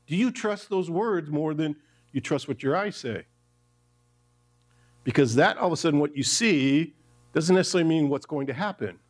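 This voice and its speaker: A man's voice: on the high side, expressive, brisk. A man, a pastor, preaching a sermon in a church, talking conversationally and turning to the congregation with asides.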